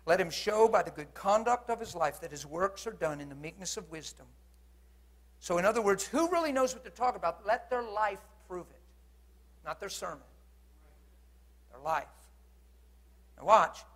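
A man preaching a sermon in a blunt, earnest and challenging way, moving between loud urging and quiet intensity. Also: high voice, very animated, moderate pace, pauses often.

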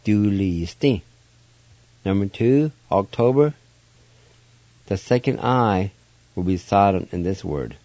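A man's voice: fairly low pitch, lively intonation, a little slow, long pauses, mellow, no echo. An older man hosting a radio language lesson, patiently spelling and repeating each word syllable by syllable. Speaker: radio host teaching language. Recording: muffled dry radio recording.

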